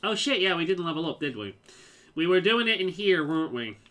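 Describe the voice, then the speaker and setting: A streamer from the Liverpool area gives loose, rambling let's-play commentary, swearing freely and talking through opinions between moves. The voice is bright and forward and sits at an ordinary pitch. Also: very animated, brisk.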